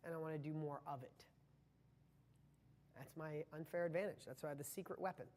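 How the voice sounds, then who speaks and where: A man's voice: a little high, steady tone, fairly quick, a little mellow. Passionate man in a reverberant hall. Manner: passionate, rambling, with frequent restarts. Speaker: motivational speaker. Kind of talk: live motivational training talk.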